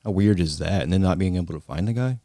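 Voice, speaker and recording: Deep-voiced laid-back male reactor. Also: quick pace, mellow, no room sound, studio quality. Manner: laid-back, lots of "man" and "dude". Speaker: host reacting to clips. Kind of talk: casual reaction commentary.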